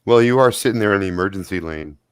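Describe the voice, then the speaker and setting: Smooth-voiced man running a tabletop game. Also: low-pitched, quick pace, no room sound. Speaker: game master.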